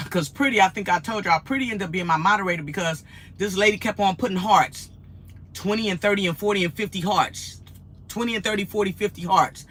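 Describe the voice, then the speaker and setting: Woman, bright crisp tone, casual chatty vlog, animated storyteller. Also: medium pitch, fairly quick. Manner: animated, laughs often, acts out quotes. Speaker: vlogger.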